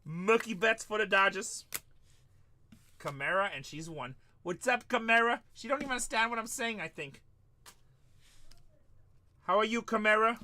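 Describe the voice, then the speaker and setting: A man's voice: sits high, pushed and bright. A man hosting a live card-break stream, chatting and bantering with viewers as he opens packs. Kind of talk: casual live-stream chat.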